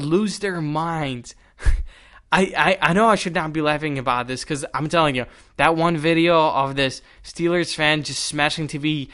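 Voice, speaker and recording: A young man hosting a solo podcast, telling stories in an animated, exasperated way. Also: a little high. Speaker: podcast host.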